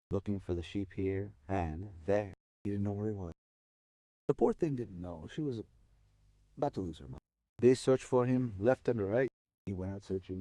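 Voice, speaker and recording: A man recounting a folk tale with a lively, rising-and-falling delivery. His voice is lowish and mellow, and it sits close and dry with no room sound. He leans hard on some phrases and lets others fall almost to a murmur. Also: dry recording. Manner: expressive, swings from soft to emphatic. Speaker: storyteller. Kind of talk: dramatic oral storytelling.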